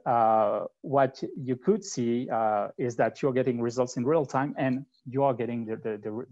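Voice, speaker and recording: A man with a French accent presents at a tech conference in a halting, conversational way. He thinks aloud between demos. His mid-pitched voice comes through a slightly muffled online recording. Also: a little mellow. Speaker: conference speaker. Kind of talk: live technical presentation with demos.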